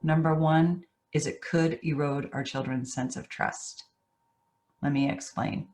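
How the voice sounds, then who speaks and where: Middle-aged woman therapist, low voice, earnest training delivery. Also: steady tone, measured pace, darkish tone. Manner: earnest, teaching, acts out quoted voices. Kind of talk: training talk.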